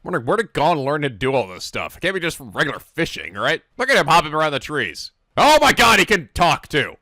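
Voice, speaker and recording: A man hosting a casual anime reaction, animated, laughing and swearing often. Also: a little high, quick pace, dry recording.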